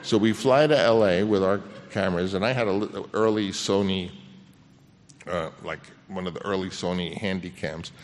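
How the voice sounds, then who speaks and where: An older man, a film director, telling an anecdote on stage in a halting way with many restarts, acting out the voices he quotes. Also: low voice. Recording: long reverb of a hall.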